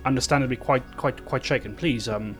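A man's voice: medium pitch, fairly quick. Man, formal and polite, stammering, in-character role-play, faint music. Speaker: player.

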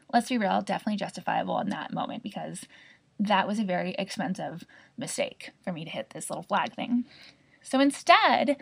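A young adult woman hosting a podcast, telling a personal story in a chatty, expressive way with casual swearing. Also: medium pitch, vocal fry, breathy edge. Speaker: podcast host.

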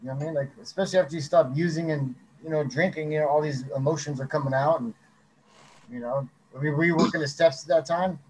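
A man co-hosting a podcast, halting and restarting as he asks questions. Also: on the high side, steady tone, darkish tone, slight background noise, poor audio. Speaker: podcast co-host. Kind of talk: casual chat.

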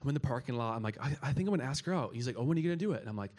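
A man's voice: mid-range voice, rapid-fire. A young man, telling a story to an audience and acting out the quotes. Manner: animated, acts out quotes, laughs often. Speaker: speaker at a young adults gathering.

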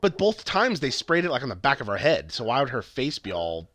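A man's voice: mid-range voice, wildly swooping pitch, fairly quick, a bit bright, no room sound, clean studio sound. A young man casually retelling a movie plot, acting out the characters' lines and swearing freely. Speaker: podcast co-host. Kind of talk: casual movie review chat.

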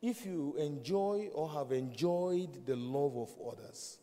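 A man in his fifties delivers a sermon at a slow, deliberate pace. His voice is mellow and a little high for a man, and he presses his points with repeated questions. The sound rings with the long reverb of a large hall. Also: lively intonation. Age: 50s. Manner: earnest, repeats questions, rises to loud emphatic peaks. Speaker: preacher.

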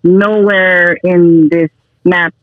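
A woman's voice: lowish voice, steady tone, extremely slow, dry recording, phone-quality sound. A woman in her forties, a guest telling stories in a casual chat and laughing easily. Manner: chatty storyteller, laughs easily.

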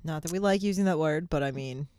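A woman co-hosting a casual podcast, throwing in quick jokey asides and short reactions. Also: sits low, a little mellow, clear, resonant tone, no room sound. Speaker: podcast co-host.

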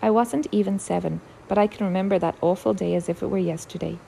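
A woman voicing a quiet, wistful teenage younger sister with a steady, firm resolve. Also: mid-range voice, fast talker, gravelly, a little hiss or hum, rough recording.

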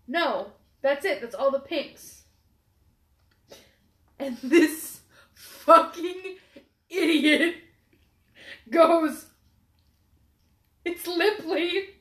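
High-voiced woman telling a profane story. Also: reverberant. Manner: profane, animated, laughing storyteller. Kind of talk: casual chat, storytelling.

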